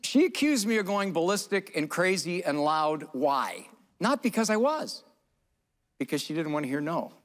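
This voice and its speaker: A man's voice: fairly high pitch, big pitch swings, moderate pace, fairly bright tone. A man giving a live parenting talk on stage, teasing audience volunteers and chuckling as he goes. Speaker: parenting speaker. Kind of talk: live seminar talk with audience role-play.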